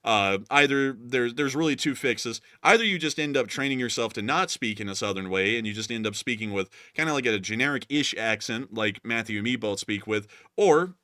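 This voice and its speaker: A man's voice: medium pitch, a little fast, hardly any pauses, pushed and bright, no room sound, studio quality. A young man from the American South with a light, mostly neutral accent, hosting a live stream in chatty, rambling talk full of fillers. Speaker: host.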